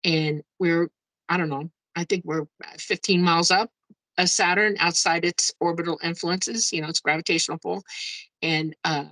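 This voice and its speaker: A woman guest telling her own story in a casual, excitable way, often exclaiming and laughing as she goes. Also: on the low side, dry recording, low-quality recording. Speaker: guest, UFO experiencer. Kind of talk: casual first-person storytelling.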